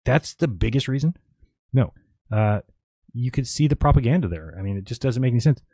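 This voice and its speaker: A man's voice: mid-range voice, expressive, quick pace, mellow, no echo. A man hosting a live stream, casually reading viewer questions aloud and answering them in a rambling, offhand way.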